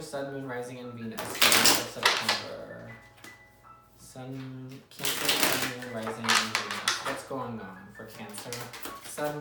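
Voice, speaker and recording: A woman giving a casual tarot reading to viewers, chatty and repetitive, often checking in with "okay?". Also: extremely low pitch. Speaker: tarot reader. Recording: echoey room, mic at a distance.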